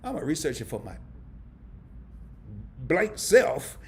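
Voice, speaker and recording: A man's voice: fairly high pitch, wildly swooping pitch, measured pace. A middle-aged man from a small town in Arkansas, hosting a live stream and chatting casually in a joking, rambling way. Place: indoors under camera lights.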